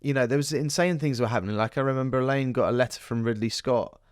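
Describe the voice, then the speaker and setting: An actor from southern England, appearing as a podcast guest, tells rambling stories in a casual interview chat. His mid-range voice moves fast, and the studio-quality recording has no echo.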